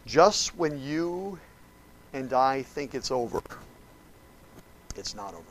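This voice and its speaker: A male preacher giving a sermon. He tells the story dramatically, speaks directly to his listeners, and swings from hushed to loud. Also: medium pitch, sing-song, slow pace, slight background noise, low-quality recording.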